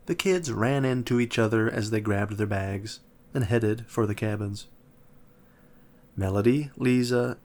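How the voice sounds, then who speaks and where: Calm storyteller guy, reads a kids' chapter book slowly. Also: fairly low pitch. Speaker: narrator. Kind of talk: storybook reading.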